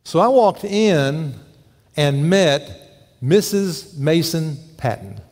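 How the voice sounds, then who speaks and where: A man preaching in a slightly high voice, folksy and storytelling, often turning questions on his listeners. His sermon rings with a long echo through a large church hall. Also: lively intonation, very slow, darkish tone. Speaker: pastor.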